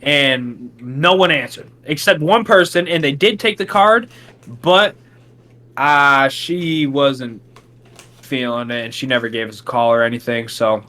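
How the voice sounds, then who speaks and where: A young man on a casual podcast, telling a long story and acting out the quotes with big jumps in his voice. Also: a little slow. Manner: animated, acts out quotes with big pitch jumps. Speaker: podcast co-host.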